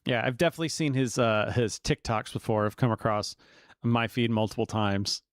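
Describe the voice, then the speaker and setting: Smooth-voiced podcast co-host from North Carolina. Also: male voice, mid-range voice, fairly even intonation, no echo, studio quality. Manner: easygoing, quick, lots of likes. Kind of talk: casual podcast chat.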